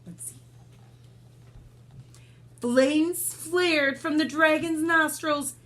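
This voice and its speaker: Storyteller: woman, high voice, slow and expressive bedtime read-aloud with asides. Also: slight background noise. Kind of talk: reading a picture book aloud.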